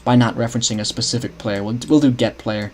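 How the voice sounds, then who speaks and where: Speaking fast in a steady, medium-pitched voice with a little hiss or hum in the audio, a young streamer builds a game map, casually thinking aloud, restarting often, and chatting with viewers.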